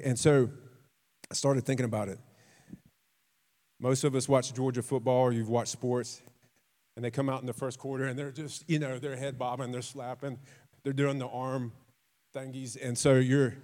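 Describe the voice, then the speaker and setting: A man preaching a sermon, telling stories with acted quotes, repeating himself and dropping suddenly to a quiet voice. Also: medium pitch. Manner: repeats and restarts words, conversational.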